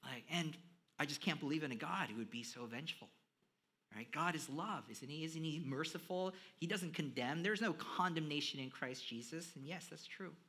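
A male preacher delivers a sermon in a bright, slightly high voice. He drops to a near-hush, then turns emphatic. He speaks conversationally to his listeners, with a few fillers along the way. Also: normal speed. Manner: animated, swinging between hushed and emphatic; conversational, with fillers, addresses the audience.

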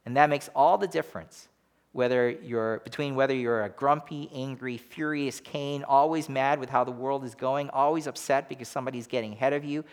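A man's voice: mid-range voice, steady tone, brisk. A man preaching a sermon as pastor, emphatic and full of rhetorical questions.

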